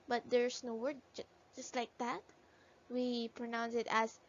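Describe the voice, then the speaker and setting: A woman's voice: a little high, fairly even intonation, takes it slowly, slight background noise. A woman teaching a phonics lesson to young children, sounding out letters one by one and repeating each word for them to echo. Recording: dull lo-fi recording.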